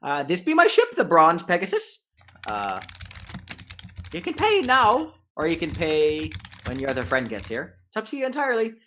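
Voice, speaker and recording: A man voicing a small, brash female gnome ship captain who talks loud and bossy. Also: on the high side, huge pitch swings, moderate pace, slight background noise, voice pushed up. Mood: brisk.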